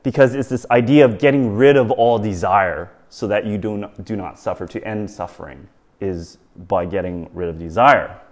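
A man preaching a sermon, halting, with many fillers and restarts and rhetorical questions to the audience. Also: fairly low pitch, a little mellow.

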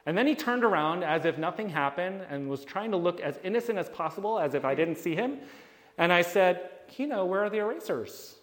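A man giving a storytelling talk to a live audience, animated and acting out the people he describes. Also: high-pitched, fairly quick. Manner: animated, acts out the people in his stories. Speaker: speaker addressing an audience. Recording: long reverb of a hall.

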